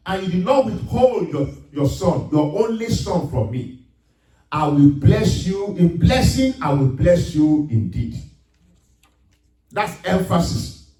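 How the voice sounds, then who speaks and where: A man preaching a sermon in a high, lively voice that rises to emphatic shouts on the scripture. The sound is roomy and echoing, picked up from some distance in a church hall. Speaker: pastor. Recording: echoey room, mic at a distance.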